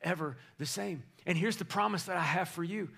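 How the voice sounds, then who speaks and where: A male pastor preaching an energetic, playful sermon, rallying his congregation in a church. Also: high voice, a little fast, vocal fry, husky. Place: church sanctuary.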